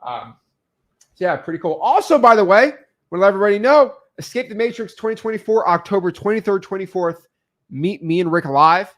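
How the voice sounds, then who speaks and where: A man with a somewhat high voice talks in animated bursts, jumping up in pitch as he tells stories. He co-hosts a casual chat and reads out viewer questions. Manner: animated storyteller, quick shifts in pitch. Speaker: co-host answering viewer questions.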